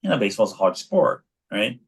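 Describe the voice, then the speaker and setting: Fairly quick and slightly rough, his voice pitched fairly low, this man in his forties hails from New York. He's an actor and children's book author chatting casually as an interview guest, an animated storyteller who often restarts.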